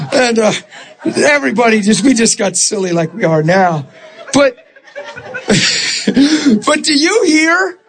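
A man who is a Christian minister, telling stories in an animated chat, emphatic and often laughing as he talks. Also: extremely high pitch, slow pace.

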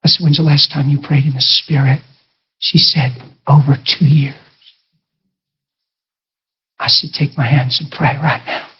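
Man, preacher, husky voice, sermon storytelling, dull lo-fi recording. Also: fairly high pitch, little pitch movement, a little slow, pauses often. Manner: storytelling, acts out dialogue, rises to emphatic peaks. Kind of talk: sermon testimony. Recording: dull lo-fi sound.

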